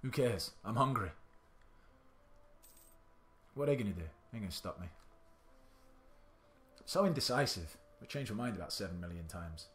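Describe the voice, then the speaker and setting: A man's voice: fairly low pitch, expressive, normal speed, long pauses. A man giving indecisive let's-play commentary, muttering to himself and swearing now and then. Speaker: gaming channel host.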